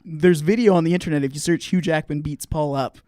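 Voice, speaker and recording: Smooth, fairly high-voiced young man. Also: fairly quick, no echo, clean studio sound. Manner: animated, rambling anecdotes with frequent laughs. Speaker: podcast co-host. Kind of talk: casual chat, storytelling.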